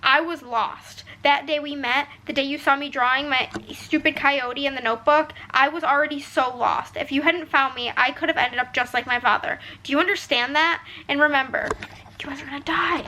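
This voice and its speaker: A woman's voice: high-pitched, steady tone, moderate pace, sharp tone, a little hiss or hum, rough recording. A young woman book vlogger reading passages aloud and reacting emotionally in a casual vlog. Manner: emotional, gushing, reads quotes then reacts.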